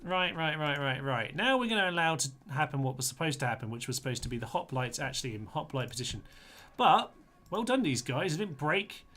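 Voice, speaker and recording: A man's voice: on the high side, lively intonation, quick pace, hardly any pauses, sharp tone, soft background music. A man giving chatty live commentary on a strategy game, talking to his troops in a playful way and laughing often. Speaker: gaming streamer.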